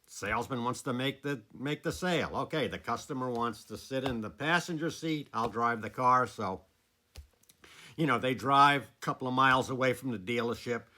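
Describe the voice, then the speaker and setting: Animated man. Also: mid-range voice, moderate pace. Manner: animated, chuckles between lines. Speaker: former teacher telling a story. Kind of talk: casual spoken storytelling.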